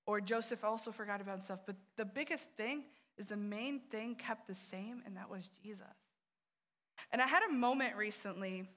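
A woman's voice: fairly high pitch, normal speed, fairly bright tone. A woman youth director giving an earnest sermon, telling personal stories and speaking straight to the listeners.

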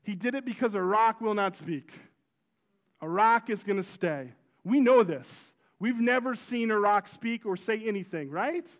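A middle-aged man, a pastor, preaching a sermon full of personal stories, told with animated energy and bursts of loud exclamation. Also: high voice, moderate pace, lo-fi sound.

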